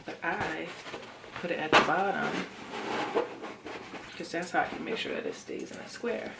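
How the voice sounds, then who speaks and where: A young woman in her twenties chats expressively to her viewers from her bedroom, her voice pitched a little low. She sometimes slips into a hush. A clear hiss of background noise runs under the home recording. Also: normal speed. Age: 20s. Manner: expressive, talks to viewers as y'all, drops into whispers. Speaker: lifestyle vlogger. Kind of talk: casual chatty vlog talk to the camera.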